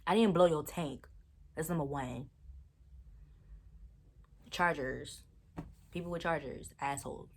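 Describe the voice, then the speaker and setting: A young woman talks straight to the camera, retelling a bad date with lively disbelief and plenty of slang. Her voice sits low for a woman, and she sounds casual and chatty the whole way through. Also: takes it slowly, long pauses. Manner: animated, exasperated storytelling with slang. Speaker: vlogger. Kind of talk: casual storytime chat.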